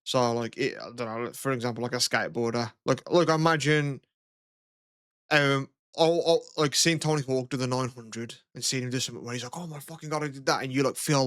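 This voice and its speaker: A man's voice: medium pitch, fairly bright tone, no room sound, clean studio sound. Casual swearing young man. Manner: rambling, swearing, lots of fillers. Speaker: podcast co-host. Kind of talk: casual chat.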